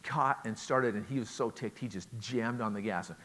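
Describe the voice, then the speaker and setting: A man's voice: fairly low pitch, normal speed, fairly bright tone. Chatty joking middle-aged man lecturing. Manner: chatty, joking, asks the audience questions. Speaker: conference speaker on relationships. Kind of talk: lecture to a live audience.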